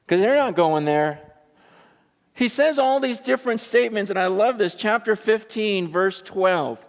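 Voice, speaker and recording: A pastor with a high, animated, slightly bright voice speaks at a moderate pace, recasting scripture in plain everyday speech with conversational emphasis. He addresses an audience in a large meeting room whose long reverb is audible.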